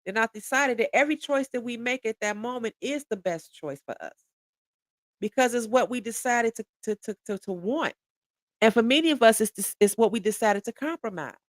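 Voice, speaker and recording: A woman's voice: a little high, fairly quick, no echo, clean studio sound. A woman in her forties giving a candid podcast monologue, blunt and profane, often restarting and repeating words as she presses her point. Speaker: podcast speaker.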